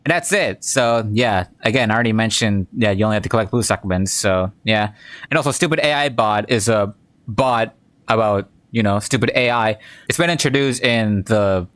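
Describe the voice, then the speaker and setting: A man's voice: on the low side, moderate pace, a bit bright, dry recording. A man giving casual gameplay commentary in a laid-back, rambling way full of fillers. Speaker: game commentator.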